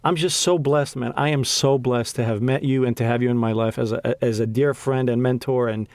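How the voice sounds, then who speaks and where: A young man hosts a podcast and talks with warm, emotional sincerity, stumbling over his words and circling back as he goes. His voice sits at an average pitch for a man. The recording is dry and close, with no room sound. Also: steady tone, no room sound. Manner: heartfelt, halting with many restarts. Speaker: podcast host. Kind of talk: casual conversation.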